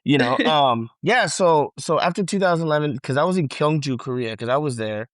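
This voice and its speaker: A man hosting a podcast who interviews his guest in a casual way, swears freely and reacts quickly and excitedly to surprises. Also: a little high, dry recording, studio quality. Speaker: podcast host.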